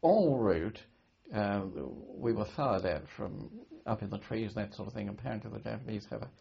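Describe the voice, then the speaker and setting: An older man from Britain recounts his wartime service in a halting way, stopping, restarting and repeating words as he remembers. His low voice is heavily gravelly and husky. The recording is a dull, lo-fi archive tape. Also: dark tone. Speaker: war veteran recalling his service. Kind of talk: oral history interview.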